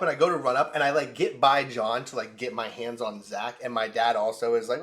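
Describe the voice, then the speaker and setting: A man's voice: medium pitch, fairly quick, few pauses. A young man co-hosting a sports podcast, telling a story in casual chat with lots of "like" and swearing. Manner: animated, profane storyteller, many "like" fillers. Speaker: podcast co-host.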